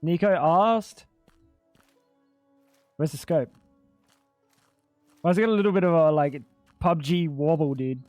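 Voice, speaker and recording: High-voiced man streaming a game. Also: slow, pauses often, a little mellow, no echo, faint music behind. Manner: chatty, swears a lot, keeps saying "dude". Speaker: gaming streamer. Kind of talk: casual live-stream game commentary.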